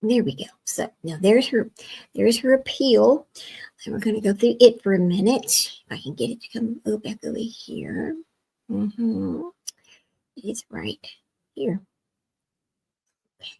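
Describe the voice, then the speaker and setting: A woman's voice: on the high side, expressive, measured pace, creaky, pauses often, warm tone, slightly rough, poor audio. A woman hosting a livestream in a casual chat, talking to herself while she works her screen, often dropping to a near whisper. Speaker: livestream host.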